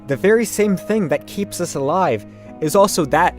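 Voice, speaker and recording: A man talks into a webcam in his bedroom, delivering a mock-earnest comedy monologue with melodramatic sincerity. His voice sits a bit high for a man. Faint background music plays under him. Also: animated, moderate pace. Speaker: comedy vlogger.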